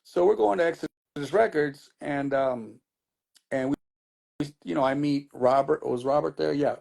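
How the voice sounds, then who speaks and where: A middle-aged man with a rough, gravelly voice talks as a DJ guest in a casual interview. His voice sits a bit high for a man. He tells his story loosely, with many fillers and restarts. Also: normal speed, darkish tone.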